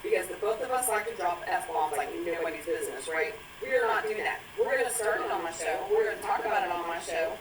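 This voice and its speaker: A woman's voice: on the low side, fast talker, few pauses, over a noisy crowd. A woman hosting a live stream after-show, chatting casually and swearing as she laughs through stories. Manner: profane, laughing, animated storytelling. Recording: echoey room, far from mic, faint noise.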